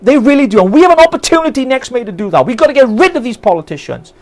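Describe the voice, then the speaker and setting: A man's voice: extremely high pitch, big pitch swings, very fast. A Welsh man, a political campaigner, ranting with passion and indignation on a live stream, firing off rhetorical questions. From Wales. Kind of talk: impassioned live-stream rant.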